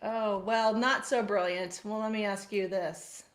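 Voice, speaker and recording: A woman co-host spins a story in easy, chatty conversation. She talks animatedly and laughs often, with a voice of average pitch for a woman. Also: fairly even intonation, a little slow. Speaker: podcast co-host. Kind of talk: casual chat, telling a story. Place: farm household.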